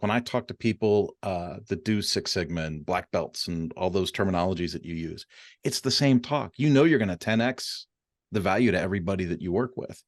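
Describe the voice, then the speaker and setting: A middle-aged man hosting a podcast, telling stories in a casual, animated way with plenty of fillers. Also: on the low side, dry recording, studio quality. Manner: animated storyteller with many fillers. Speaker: podcast host. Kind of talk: casual interview chat.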